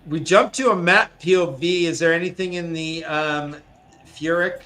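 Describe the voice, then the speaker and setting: A man hosting a casual book-discussion podcast, animated and profane, who acts out characters in quick put-on voices. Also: a little high. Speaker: podcast host.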